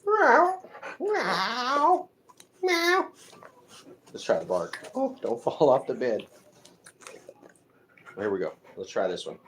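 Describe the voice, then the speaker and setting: A woman hosting a casual livestream from home, chatting in a relaxed way and sometimes dropping to a whisper. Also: a bass voice, a little slow, long pauses, a little hiss or hum. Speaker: livestream host. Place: home bedroom.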